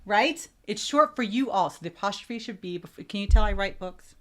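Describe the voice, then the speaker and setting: A woman hosting a talk show, chatting and telling stories in an animated way. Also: medium pitch, brisk. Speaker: host. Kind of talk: casual chat.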